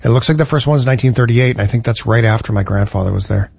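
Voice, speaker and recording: A man's voice: mid-range voice, quick pace, vocal fry, darkish tone, slightly rough, no room sound, dull audio. A man co-hosting a casual chat, eagerly urging his partner on. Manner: enthusiastic, eggs on his partner. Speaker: podcast co-host.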